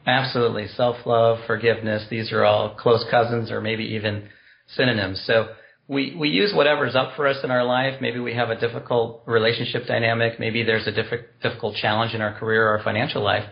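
Man, gravelly voice, earnest and explanatory, podcast guest, dull lo-fi sound. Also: medium pitch, level tone, brisk. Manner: earnest, explanatory, spiritual wording. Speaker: guest, compassion practice teacher. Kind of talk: podcast interview.

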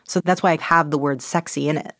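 A middle-aged woman author in a conversational interview, talking quickly and animatedly, dropping into quick voice impressions. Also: low-pitched, steady tone, a bit bright, dry recording, clean studio sound.

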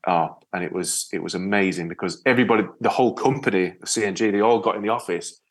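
A man from with a fairly low voice, talking as a guest in a relaxed interview. He is a lively storyteller who slips into the voices of the people he describes. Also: fast talker. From Yorkshire, England. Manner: storytelling, lively, animated re-enactments. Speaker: guest, ocean rower. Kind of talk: casual interview chat.

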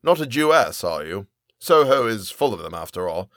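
A smooth, courteous uncle, played by a male reader in an audiobook story. The voice is low-pitched and smiling and moves with a lively rise and fall. It sits close and dry. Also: moderate pace, no echo. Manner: polite, benevolent, smiling. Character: smooth, falsely kind middle-aged uncle.

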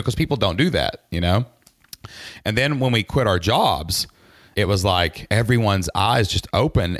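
Very deep-voiced man telling his story. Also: no room sound, clean studio sound. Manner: chatty, animated storyteller full of fillers. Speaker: podcast guest, entrepreneur. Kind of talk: casual storytelling interview.

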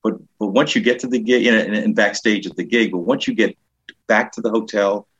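Older new york guy, husky lowish voice, tells comedy road stories, does little voices for people, kinda dull lo-fi sound. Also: brisk. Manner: animated, acts out quoted voices, frequent restarts. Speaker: comedian and guest. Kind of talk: casual anecdotal storytelling.

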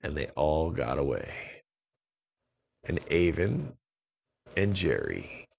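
A man with a very low, gravelly voice tells a children's story. He speaks slowly, with lively ups and downs in pitch. The recording is slightly dull and lo-fi. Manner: unhurried, expressive storytelling.

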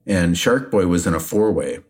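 A man co-hosting a podcast, telling a backstage anecdote in a casual, animated way and laughing often. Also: deep voice, moderate pace. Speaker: podcast co-host, retired wrestler. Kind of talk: casual storytelling.

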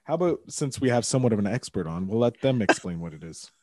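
A man's voice: lowish voice, lively intonation, quick pace, warm tone, no room sound, studio quality. A man hosting a casual podcast interview, rambling and self-deprecating, often restarting his sentences. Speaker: podcast host.

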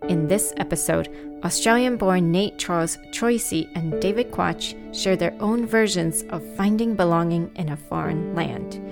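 A woman hosting a podcast, reading a scripted introduction in a clear, measured way. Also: on the low side. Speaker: podcast co-host. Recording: music bed under voice.

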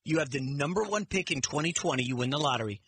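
A man's voice: on the high side, fast talker, breathy edge. A middle-aged man guest-hosting sports talk radio, telling stories animatedly and acting out quotes. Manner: animated storyteller, acts out quotes.

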